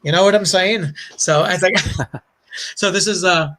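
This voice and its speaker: A comic creator from the Bronx speaks in a high-pitched voice at a moderate pace, his Bronx accent clear. In casual chat he spins rambling, animated stories, laughing and using lots of fillers.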